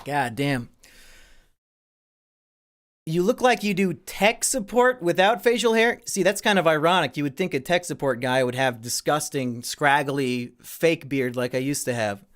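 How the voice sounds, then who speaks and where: A man's voice: fairly high pitch, lively intonation, measured pace, pauses often. A man streaming live and answering viewer questions in a crude, profane and sarcastic way. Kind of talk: casual livestream Q&A.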